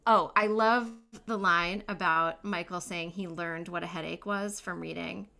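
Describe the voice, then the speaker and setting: A woman co-hosting a podcast in casual chat, enthusiastic and quick to laugh. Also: lowish voice, fairly even intonation, creaky, bright, forceful tone. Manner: enthusiastic, laughs often, trails off and restarts. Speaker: podcast co-host.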